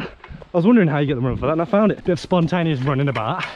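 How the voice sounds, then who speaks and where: A young man with a British accent, chatting excitedly as he vlogs at outdoor dirt jumps. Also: on the high side, rapid-fire, lo-fi sound. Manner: excitable, chatty, exclaiming often. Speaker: vlogger. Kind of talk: casual vlog chat. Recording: outdoor noise, nearby traffic.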